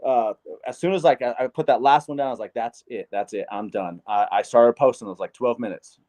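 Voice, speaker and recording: A man from Wyoming talks fast and bluntly as a guest in a casual chat, with swearing throughout. His voice sits at a middle pitch. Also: darkish tone. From Wyoming, USA. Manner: blunt, profane, fast-talking. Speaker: hip hop artist, guest.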